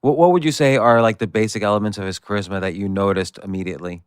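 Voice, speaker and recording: A man's voice: on the low side, fast talker, clean tone, no echo, clean studio sound. A man hosting a podcast, asking curious questions in casual interview talk, often restarting mid-sentence.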